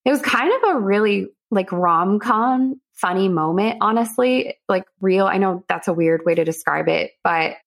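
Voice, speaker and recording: A woman's voice: medium pitch, normal speed, vocal fry, hardly any pauses. A young woman guest telling a personal story in a casual interview, joking her way through it. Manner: jokey, self-deprecating, animated.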